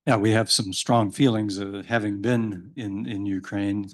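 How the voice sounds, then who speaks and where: A man moderating a public panel, speaking haltingly with many pauses and fillers. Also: fairly low pitch, steady tone. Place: event hall with audience.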